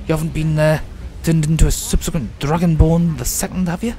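A man's voice: on the high side, brisk, few pauses, dark tone, a little hiss or hum. Chatty man with a sore throat. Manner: rambling, chatty, mock-grumbling at the game; drifting in and out of put-on accents. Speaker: let's play gamer. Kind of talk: casual gameplay commentary.

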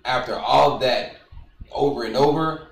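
A man streaming, reading texts aloud and commenting in an emphatic, animated way, often repeating his points. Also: medium pitch, unhurried, vocal fry, recorded from a distance. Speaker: streamer reacting to news. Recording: roomy, away from the mic.

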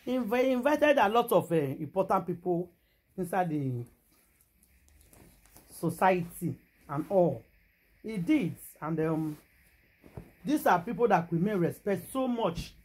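A woman with a Nigerian accent telling a gossip story in a casual vlog, animated and exclamatory, mixing Pidgin and English. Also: on the low side, a little slow, long pauses, breathy edge. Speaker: gossip vlogger.

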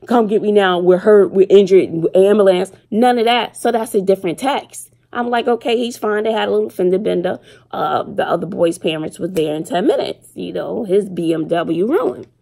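Brief: middle-aged woman vlogger, gravelly edge, chatty storyteller, mid pitch. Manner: chatty storytelling, animated retelling with slang. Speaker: vlogger and single mother. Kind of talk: casual chat to camera.

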